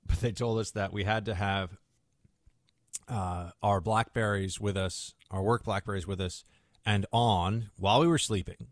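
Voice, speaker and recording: Man, radio talk host, casual monologue, sarcastic asides, lowish voice, dry studio sound. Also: dry recording. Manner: chatty, sarcastic, rambling asides.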